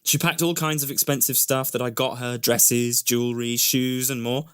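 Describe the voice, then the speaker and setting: A man's voice: medium pitch, level tone, moderate pace, fairly bright tone, smooth, dry recording. A man narrating a scripted first-person story in an earnest storytelling voice that rises often.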